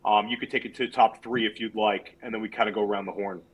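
A man with a husky, slightly breathy voice hosts a casual podcast panel. He asks each guest for their picks and fills gaps with "um". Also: on the low side, fairly even intonation, quick pace, rough recording. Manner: leads the panel with questions, many "um"s. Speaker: podcast host.

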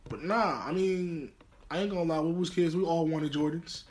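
A man's voice: fairly high pitch, a little fast. Young man telling profane stories. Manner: animated, profane storytelling with laughter. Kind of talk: casual chat. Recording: noisy recording.

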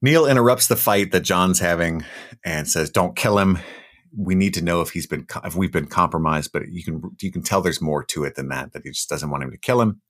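A man's voice: deep voice, fairly quick, fairly bright tone. A young man co-hosting a podcast, casually recapping a film scene by scene and tossing in joking voices for the characters. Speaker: podcast co-host.

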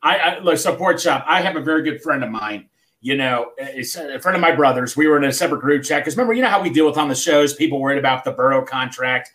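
Rambling man, fairly high voice. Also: fairly bright tone. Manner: rambling, halting with many restarts. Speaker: podcast host. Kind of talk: casual sports chat.

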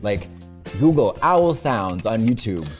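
A campy, theatrical man co-hosting a comedy chat. He drawls slowly, and his pitch leaps wildly from low mutters to high squeals. Music plays clearly behind him. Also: sing-song. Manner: campy, theatrical, sudden vocal swoops. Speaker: co-host.

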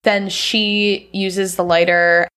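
Slow-talking woman recapping a film. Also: mid-range voice, flat delivery, a bit bright. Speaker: podcast co-host. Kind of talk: casual film recap chat.

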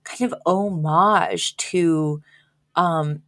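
A woman's voice: lowish voice, extremely slow, fairly bright tone. A young woman co-hosting a podcast, recapping an episode in casual, chatty talk full of fillers and giggles. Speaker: podcast co-host.

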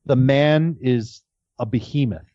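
Podcast co-host, man, warm dark tone, dry lo-fi audio, eager and casual, stumbles and restarts. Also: mid-range voice, slow pace, no echo. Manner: enthusiastic, restarts words often. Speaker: fantasy football podcast co-host. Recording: dull lo-fi audio.

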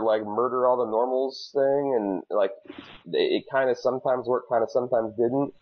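A man's voice: medium pitch, brisk, lo-fi sound. A man co-hosting a podcast, recapping a show in casual chat with lots of restarts and jokes. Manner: animated, stammering restarts, jokey. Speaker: podcast co-host.

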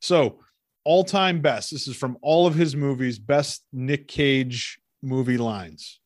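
A man in his forties hosting a casual podcast chat, relaxed and laughing often as he leads the talk. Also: mid-range voice, slow, no echo, studio quality. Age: 40s. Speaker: podcast host.

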